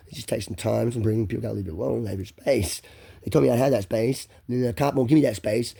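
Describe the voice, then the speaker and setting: A man's voice: mid-range voice, creaky, warm tone, husky. A man delivering a heated, profane rant to the camera, repeating himself as he vents.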